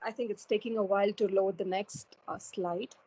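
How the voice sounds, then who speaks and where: A woman's voice: medium pitch, fairly even intonation, normal speed, warm tone, low-quality recording. A woman giving an online webinar talk on goal setting, earnest, with many fillers and restarts, heard over a video call. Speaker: webinar speaker.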